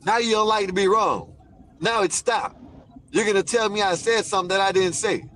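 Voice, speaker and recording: A man with a fairly high voice argues back over a stream call. He is insistent and taunting, repeating the same jabs again and again. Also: brisk, a bit bright, a little hiss or hum. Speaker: caller on a stream. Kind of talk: heated argument with a streamer.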